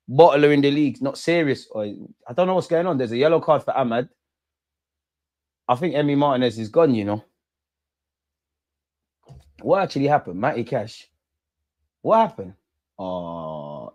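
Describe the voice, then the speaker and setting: A young man hosting a live football watch-along, reacting loudly and bantering at the players. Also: mid-range voice. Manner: excitable, shouts at goals, banters at players. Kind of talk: live match reaction commentary.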